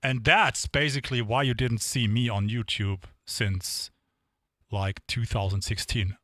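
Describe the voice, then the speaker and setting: Man, drum streamer, casual rambling chat, mid-pitched voice, dry sound. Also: steady tone, unhurried, pushed and bright, no room sound. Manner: chatty, rambling between songs. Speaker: drumming live streamer.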